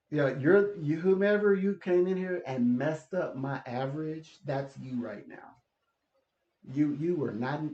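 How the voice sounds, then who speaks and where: A man of middle pitch chats casually to his viewers, laughing often and tripping over repeated words. His voice rings in an echoey room. The sound is slightly dull, as if from a modest mic. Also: darkish tone, slight background noise. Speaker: channel host. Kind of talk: casual rambling monologue.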